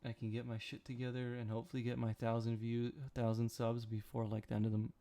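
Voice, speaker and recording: A man's voice: medium pitch, monotone, quick pace, dark tone. A young man, sleepy, rambling and joking with his chat during a casual late-night stream. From Canada.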